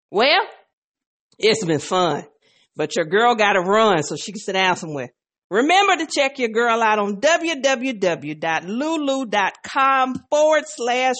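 A woman hosting a faith podcast in a casual, playful way, joking with listeners and a little out of breath. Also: medium pitch. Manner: playful, animated, sings along off key. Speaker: podcast host.

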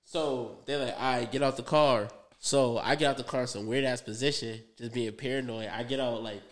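A man's voice: mid-range voice, steady tone, normal speed. A young man on a podcast, telling a rambling story in loose, profane slang with lots of fillers and asides. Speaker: podcast co-host. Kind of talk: casual storytelling.

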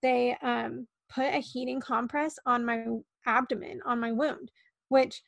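A young woman with a high, gravelly voice tells a personal story as a podcast guest. She talks in an earnest, tumbling way, heavy with likes and ums. The sound is close and dry, with no room around it. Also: steady tone, a little slow, fairly bright tone, no echo.

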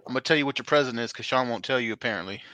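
A man's voice: medium pitch, rapid-fire, bright, forceful tone, slight background noise, rough recording. A man hosting a casual podcast, who banters, teases his co-hosts and laughs often. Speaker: podcast host.

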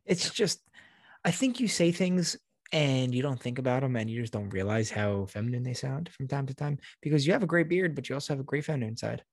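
Gravelly raspy dude cohosting, sarcastic teasing, dry mic. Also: male voice, mid-range voice, expressive, fairly quick, no echo. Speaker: podcast co-host. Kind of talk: casual banter.

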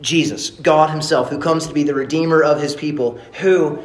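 A man from East Texas preaching a sermon in a casual, animated, joking way. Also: fairly high pitch, normal speed, roomy sound. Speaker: pastor.

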